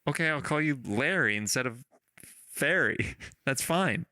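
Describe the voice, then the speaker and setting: Bright, laughing male host, casual and a bit halting, close dry mic. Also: medium pitch, lively intonation, no echo. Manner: laughs often, halting with fillers. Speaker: podcast host. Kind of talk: casual chat.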